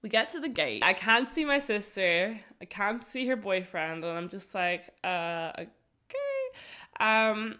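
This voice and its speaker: A woman telling a travel story on a podcast, animated and full of laughter. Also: mid-range voice, slow. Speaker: podcast co-host. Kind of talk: casual storytelling chat.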